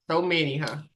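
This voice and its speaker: Female co-host, bright and forward, joking casual chat. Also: sits low. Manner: playful, joking asides. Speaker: ministry podcast co-host.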